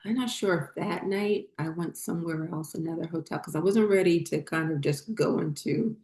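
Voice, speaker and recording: A woman's voice: fairly low pitch, moderate pace, darkish tone, roomy sound. A woman hosting a spiritual channel, telling a personal story in a rambling, casual way with many fillers and restarts.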